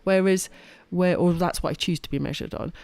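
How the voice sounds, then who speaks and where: Podcast co-host, woman, lowish voice, dry sound, emphatic and self-correcting. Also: steady tone, a little fast, vocal fry, darkish tone, clear, resonant tone, dry recording. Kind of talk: casual podcast chat.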